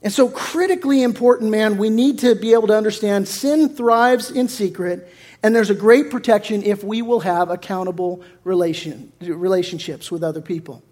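Male pastor, high voice, easygoing conversational sermon delivery. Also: moderate pace, a little mellow. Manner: casual, conversational preaching with acted-out quotes.

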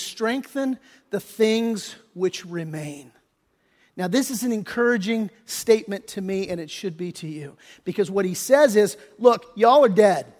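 A man's voice: high voice, in a large hall. A male pastor preaching a sermon in an emphatic, folksy way, his voice swelling into bursts of intensity.

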